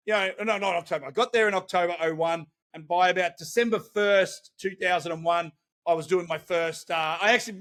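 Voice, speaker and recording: Bright, high-voiced Australian man. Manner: animated storytelling, laughs often. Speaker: guest, celebrity interviewer. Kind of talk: casual podcast chat.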